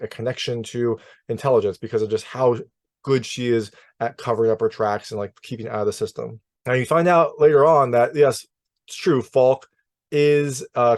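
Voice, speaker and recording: A man's voice: medium pitch, darkish tone, no echo. A man in a mid-range voice chats through his take on a film in a loose, conversational way. He leans on fillers and often restarts his sentences. The sound is close and dry. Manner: chatty, many fillers and restarts. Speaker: film reviewer. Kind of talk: casual spoken movie review.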